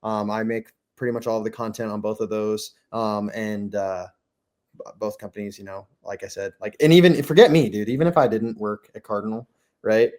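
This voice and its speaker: Fast-talking animated young man. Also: lowish voice. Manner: fast, animated storytelling with mimicked quotes. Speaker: podcast guest. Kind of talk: casual chat.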